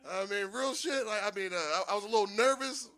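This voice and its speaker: A man's voice: sits high, fast. A man from doing a stand-up comedy set, telling loose stories and laughing often at his own jokes. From Philadelphia. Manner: loose, animated storytelling with frequent laughs. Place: small live venue with audience.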